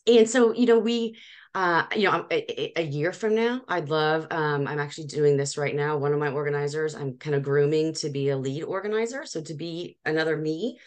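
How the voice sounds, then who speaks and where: A woman in her forties talks through her business story as an interview guest, laughing often and restarting her sentences. Her voice sits low for a woman. She sounds lively and eager to share. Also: moderate pace, clean tone. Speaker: professional organizer, guest. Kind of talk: casual interview chat.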